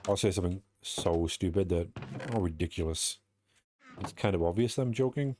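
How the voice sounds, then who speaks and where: Young British streamer, low voice, rambling and self-mocking chat, a bit sweary. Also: male voice, animated, normal speed, darkish tone, a little hiss or hum. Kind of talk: casual streaming chat while playing.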